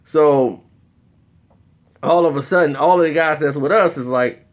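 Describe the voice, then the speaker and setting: A man telling a comedic story in an animated way, acting out the voices of the people in it. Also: fairly high pitch, normal speed, long pauses.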